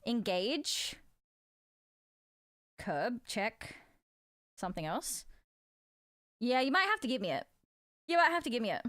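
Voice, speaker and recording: A young woman streams live and chats with her viewers, laughing often and swearing easily. Her voice sits high and swoops up and down a lot. The sound is dry and close, with little room around it. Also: sing-song, unhurried, long pauses, a bit bright, dry recording. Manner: giggly, chatty, swears freely. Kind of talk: casual live-stream chat while playing a word game.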